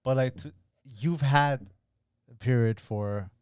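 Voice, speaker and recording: A man's voice: medium pitch, slow pace, a little mellow, clear, resonant tone, no room sound, studio quality. A man who is a guest on a podcast, giving blunt, profane opinions in casual chat.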